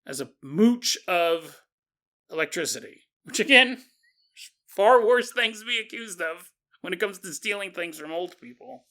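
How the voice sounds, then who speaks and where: A man hosting a podcast, telling a story in a casual, animated way and joking and laughing as he goes. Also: sits high, a little slow. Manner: animated, jokey, laughs often. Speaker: podcast host.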